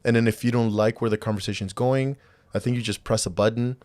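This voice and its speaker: A man's voice: mid-range voice, steady tone, fast, a little mellow, dry recording. A man co-hosting a casual podcast, rambling with many restarts and acting out quoted dialogue. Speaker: podcast co-host.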